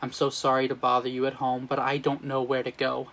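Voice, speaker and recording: A man reading the lines of a desperate young woman, in his own flat delivery. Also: medium pitch, fairly quick, natural voice. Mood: pleading. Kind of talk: reading a musical script aloud.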